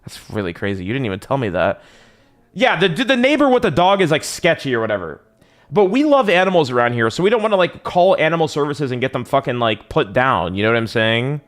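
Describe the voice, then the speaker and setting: A young male streamer tells his chat a long story in loose, slangy talk, swearing and circling back on himself. His pitch swings widely from line to line, climbing high when something strikes him as crazy. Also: big pitch swings, brisk. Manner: rambling, profane, slangy, restarts a lot. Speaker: livestreamer.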